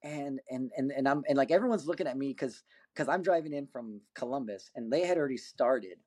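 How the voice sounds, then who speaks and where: A man's voice: medium pitch, fairly quick. Rambling man telling a story. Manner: rambling, full of fillers and restarts; lively, acts out quoted voices. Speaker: podcast guest, competitive axe thrower. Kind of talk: casual anecdotal storytelling.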